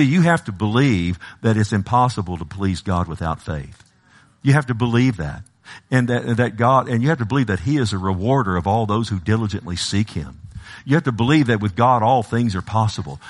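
Impassioned male preacher. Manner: preaching, rising to impassioned high-pitched pleading; repeats and restarts words, calls on congregation. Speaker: pastor. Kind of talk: sermon.

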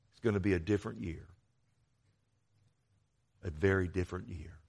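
A man's voice: low voice, moderate pace, creaky, darkish tone. A man preaching a sermon to his church, quoting scripture aloud with swells of volume and sudden drops. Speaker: pastor.

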